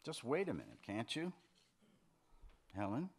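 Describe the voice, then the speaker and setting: A man's voice: mid-range voice, wildly swooping pitch, a little slow, husky, full character voice. A man reading fiction aloud, voicing an anxious, apologetic married man who keeps pleading with the woman he loves.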